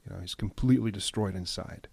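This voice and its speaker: A man giving impassioned news commentary, emphatic at times and dropping to a hushed, grave tone. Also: low-pitched, fast talker, creaky, slightly rough, dry recording. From United States.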